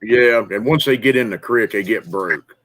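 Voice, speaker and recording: A man's voice: on the low side, moderate pace, a bit bright, rough recording. Folksy rambling man. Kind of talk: casual rural chat.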